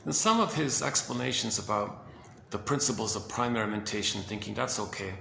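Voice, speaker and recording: A man with a lowish, gravelly voice muses casually, wandering from thought to thought and chuckling softly. The room rings with echo. Background noise hums behind him. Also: animated, fairly quick. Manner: meandering, self-correcting, chuckles softly. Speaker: host presenting quotes. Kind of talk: casual rambling talk. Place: indoor room.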